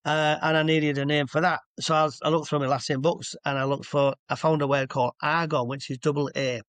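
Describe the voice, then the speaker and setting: Bloke in his 60s, hypnotherapist guest, rambly stories, bit high voice, dry sound. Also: little pitch movement, a little fast, a bit bright, no echo. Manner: chatty, rambling, stops to explain asides. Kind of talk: casual anecdotal storytelling. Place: at home with a dog nearby.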